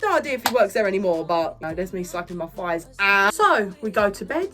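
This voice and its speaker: A young woman telling a storytime vlog in an animated, sweary, sassy way. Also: mid-range voice, a little fast, soft background music. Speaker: vlogger.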